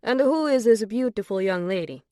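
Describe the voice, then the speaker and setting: A woman voicing an excitable Italian maitre d' with a thick Italian accent, exclaiming effusively in an audiobook. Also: medium pitch, normal speed, no room sound, clean studio sound, voice pushed up, lightly acted. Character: excitable middle-aged Italian maitre d', man. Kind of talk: audiobook character voice.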